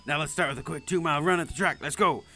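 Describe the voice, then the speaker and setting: A man's voice: a little high, very fast, sharp tone, faint music behind. A man voicing a foul-mouthed adult male drill-sergeant teacher who barks insults and orders in a visual novel. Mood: gruff. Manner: barking orders, insulting, commanding.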